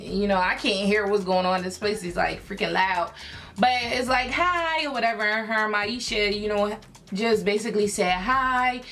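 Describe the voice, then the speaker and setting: A young woman from Philadelphia, a beauty YouTuber, telling an excited storytime to her viewers in a chatty way with many fillers. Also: medium pitch. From Philadelphia, USA. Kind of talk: storytime vlog, casual chat to viewers.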